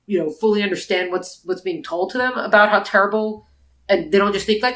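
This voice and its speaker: A medium-pitched, brisk, slightly bright woman's voice belongs to a podcast co-host chatting casually about books. She rambles at length and keeps restarting; the space is echoey.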